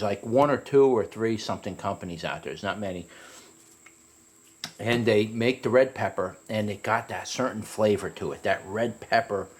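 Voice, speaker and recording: A man chats his way through a hot pepper review in an easygoing, wandering style, with plenty of false starts. His voice goes higher as he relays a story.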